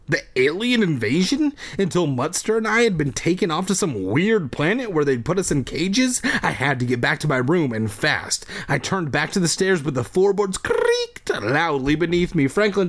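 A man hosting a comedy podcast, reading a kids' horror book aloud with crude, joking asides. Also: a little high. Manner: animated, swings from mock-spooky narration to crude jokes.

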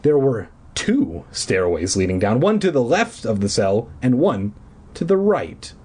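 Guy reading a spooky kids' book out loud, husky voice, goofy asides, lively pitch. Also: a little slow. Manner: jokey crude asides, lively. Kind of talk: reading a children's book aloud.

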